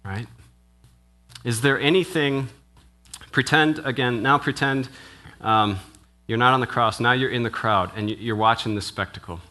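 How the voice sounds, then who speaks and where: A man's voice: medium pitch, moderate pace, sharp tone. A man preaching a sermon in a church as minister. He speaks conversationally and keeps asking the congregation questions, often tagging "right?". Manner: asks the congregation questions, with frequent "right?" tags; conversational, with restarts and brief laughs. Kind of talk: interactive sermon.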